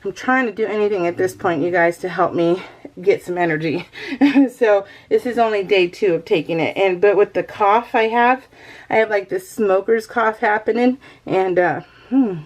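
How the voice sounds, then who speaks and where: A woman's voice: mid-range voice, moderate pace. A woman vlogging at home in a casual, rambling chat, often breaking into laughter. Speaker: crafting vlogger.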